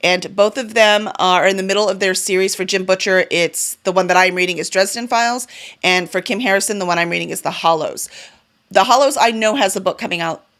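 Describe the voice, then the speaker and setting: A woman's voice: mid-range voice, brisk, a bit bright. A woman vlogging about the books she plans to read, chatty and enthusiastic, with fillers and small self-corrections. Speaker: book vlogger and publisher. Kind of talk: casual reading-goals vlog.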